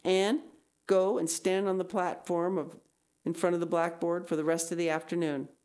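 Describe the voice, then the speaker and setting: A woman's voice: lowish voice, little pitch movement, moderate pace, a little mellow, natural voice. A woman reading aloud, voicing a stern, pompous male schoolteacher who scolds in a solemn tone.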